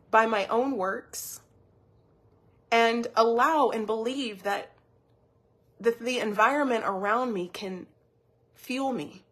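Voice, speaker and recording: A woman with a fairly high, husky voice gives a motivational teaching talk as a wellness coach. She speaks in an earnest, personal way and often repeats words while she gathers her thoughts. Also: a bit bright.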